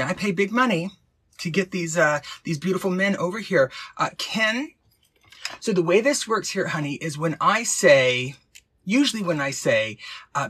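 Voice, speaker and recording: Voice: medium pitch, bright, forceful tone, breathy edge. A host of a live-streamed advice show, talking in a campy, playful, sassy way and calling viewers honey and babes. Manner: sassy, teasing quips.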